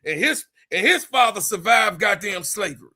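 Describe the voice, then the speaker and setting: A man in his fifties hosting a sports livestream, ranting in a heated, profane way, repeating himself and rising into shouts. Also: high-pitched, animated, moderate pace. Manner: profane, repetitive, raises voice into shouts. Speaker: sports channel host.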